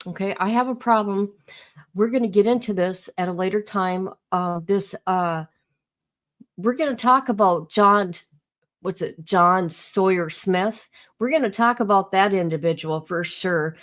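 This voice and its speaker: A woman talks to her livestream audience in a casual, drawn-out way, her pace slow and deliberate. She gets heated as she rants, calling people out, and stops now and then to greet viewers by name. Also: mid-range voice, a bit bright. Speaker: livestream host.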